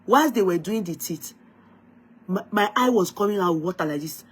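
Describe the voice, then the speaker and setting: A woman with a Nigerian accent telling a story to her viewers in a lively, dramatic way, slipping into Yoruba phrases. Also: medium pitch, normal speed, slightly rough. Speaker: vlogger.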